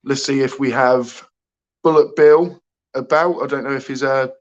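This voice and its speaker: A man's voice: medium pitch, fairly even intonation, normal speed, highs cut off. A man from England hosting a casual livestream, chatting, joking and greeting viewers by name. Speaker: livestream host.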